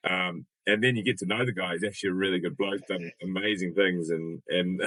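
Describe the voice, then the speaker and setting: Low-voiced host, laughing along. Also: male voice, fairly even intonation, brisk, a bit bright, dry recording, low-quality recording. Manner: laughs, short agreements. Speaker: podcast host. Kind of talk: casual interview chat.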